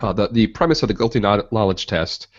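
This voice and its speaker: A man with a lowish voice trades crude jokes on a casual online hangout show. He also reads out study details in a steady, explaining way. The audio comes through a dull, lo-fi call line. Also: brisk. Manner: joking, profane, lectures from studies. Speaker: podcast co-host. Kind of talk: casual chat. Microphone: video call.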